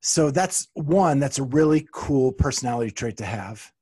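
A man hosting a podcast interview, easygoing and a bit halting as he sorts out his questions. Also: mid-range voice, animated, warm tone, husky. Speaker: podcast host.

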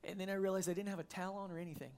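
A man's voice: sits high, steady tone, racing, darkish tone. A middle-aged male pastor preaching a sermon, telling a personal story in a conversational way with frequent restarts.

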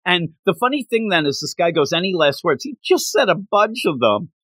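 Animated man retelling a comic. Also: high voice, a little fast, no room sound. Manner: animated storytelling, acts out characters' lines, laughs often. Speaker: comic book podcast co-host. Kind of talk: casual chat recapping a comic.

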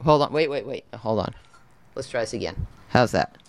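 A radio DJ and host with a medium-pitched, animated voice speaks at a moderate pace on a casual studio show. He's chatty and rambling, correcting himself as he goes.

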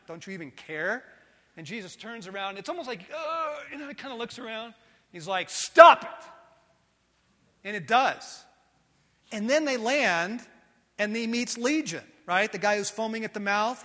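A man preaching a sermon in an animated way, swinging from loud outbursts to soft, intimate passages. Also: high voice, in a large hall.

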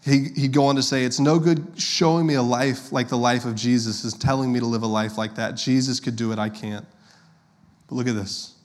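A man's voice: mid-range voice, fairly even intonation, fairly quick. A man, preaching a sermon as a pastor in a conversational, storytelling way and addressing the congregation directly.

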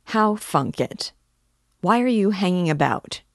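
An irritable male house porter, read by a woman, barks questions, raised and indignant. A slightly gravelly voice in a dry, close recording. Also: fairly low pitch, expressive, measured pace, no room sound, pitched above the performer's own voice. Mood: angry.

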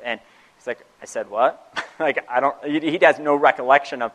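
A young man casually telling a heartfelt personal story, laughing often and dropping to a hush for the serious parts. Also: mid-range voice, fairly even intonation, brisk, rough recording. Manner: laughs often, many restarts, drops to a hush for serious moments. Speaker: speaker sharing a personal story.

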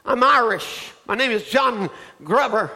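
A bewildered Irish churchgoer, as a preacher plays him in a retold church story, answering in short, baffled bursts. The voice is very high, bright and forceful. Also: male voice, animated, a little slow, long reverb tail, exaggerated voice.

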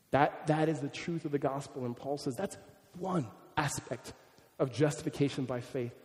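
A man preaching a sermon as a pastor, animated and conversational, often restarting his sentences. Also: mid-range voice, in a large hall.

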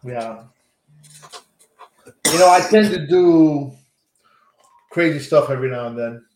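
A man with a fairly high voice tells a story in an animated way as a podcast co-host. He swears freely in a casual chat. The room around him sounds echoey. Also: slow, slight background noise.

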